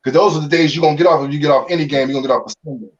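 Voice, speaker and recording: A man's voice: on the high side, steady tone, very fast, distant mic, highs cut off. A middle-aged man from Chicago, a former pro ballplayer, telling his story in an interview with loose slangy talk and frequent restarts. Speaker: former pro baseball player, guest.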